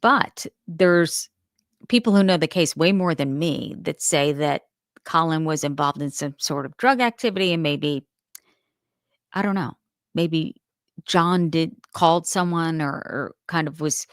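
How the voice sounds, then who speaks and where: A woman's voice: low-pitched, animated, unhurried, dry recording, studio quality. A woman hosting a crime show, giving casual, candid opinions and thinking aloud as she talks.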